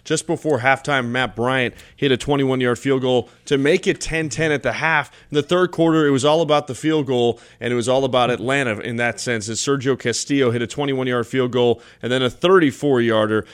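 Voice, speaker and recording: A man hosting a radio postgame football show, reading scores and stats in a brisk broadcaster's delivery. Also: mid-range voice, fairly even intonation, clean tone. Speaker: play-by-play host.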